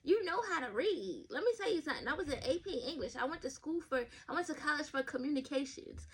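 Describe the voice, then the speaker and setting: A woman's voice: high-pitched, fairly quick, hardly any pauses. A woman hosting a podcast, reading advice stories aloud and giving blunt, profane, chatty takes straight to her listeners, sometimes stumbling over words. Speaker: podcast host.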